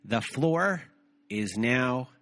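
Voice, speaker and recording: A man's voice: mid-range voice, expressive, very slow, a bit bright. A man hosting a podcast in a casual, chatty way, sometimes stumbling over his words and laughing at himself. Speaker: podcast host.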